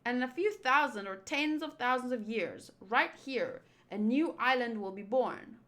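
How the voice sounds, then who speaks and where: A woman reading a manga aloud, voicing a clever young woman navigator who explains things calmly. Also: fairly high pitch, moderate pace. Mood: explaining. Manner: calm and explanatory.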